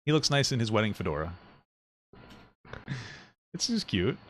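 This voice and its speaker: Podcast co-host, young man, low voice that swings up and down a lot, joking and cursing in casual chat. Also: big pitch swings, moderate pace, fairly bright tone, slight background noise. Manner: joking, teasing, swears often.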